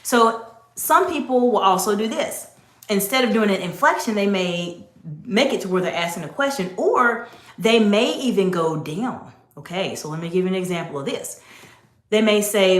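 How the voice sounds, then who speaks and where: A woman's voice: mid-range voice, animated, normal speed. A woman executive coach giving an instructive talk, speaking directly and emphatically to the viewer. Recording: roomy echo.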